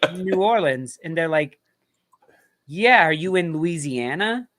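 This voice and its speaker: A man's voice: a little high, animated, a little slow, fairly bright tone. Laid-back American man hosting trivia. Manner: laughing, swearing, jokey asides. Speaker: host. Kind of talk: casual trivia banter.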